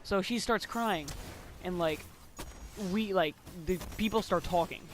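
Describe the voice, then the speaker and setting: A teenage boy tells a school story in loose, rambling chat. His voice sits high, and he giggles and curses casually as he goes. A faint hiss runs under the recording. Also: measured pace. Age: teens.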